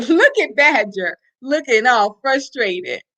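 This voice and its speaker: Animated woman reading a picture book. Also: a little high. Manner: animated, slow and expressive, showing pictures. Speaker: storyteller.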